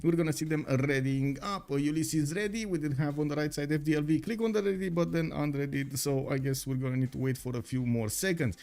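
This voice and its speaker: A man's voice: on the high side, brisk, hardly any pauses, darkish tone. A man casting a live strategy game stream, greeting viewers politely and talking with frequent "uh" fillers. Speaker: esports caster.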